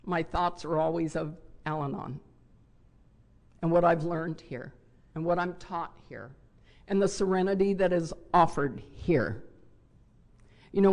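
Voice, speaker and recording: Older woman, gravelly voice, candid heartfelt storytelling, podium mic, convention talk. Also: low voice. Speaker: recovery convention speaker. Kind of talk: personal share talk. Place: hotel convention ballroom.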